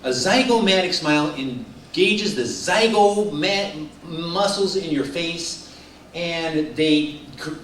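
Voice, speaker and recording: Middle-aged man, high voice, upbeat storytelling preacher, distant mic, echoey room. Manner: lively storyteller, laughs along. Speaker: speaker addressing a group. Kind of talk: casual sermon-style talk with stories. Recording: roomy, distant mic, faint room noise.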